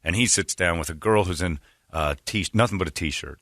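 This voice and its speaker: A man with a low, brisk voice rambles through an animated story on his sports radio show, quoting the folks in the tale. There's no room sound, just clean studio audio.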